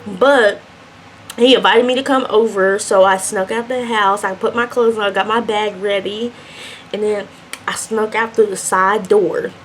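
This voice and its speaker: A young adult woman vlogger chatting through a mukbang storytime, telling her story in an animated, chatty way between bites. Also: mid-range voice, a little slow, slight background noise.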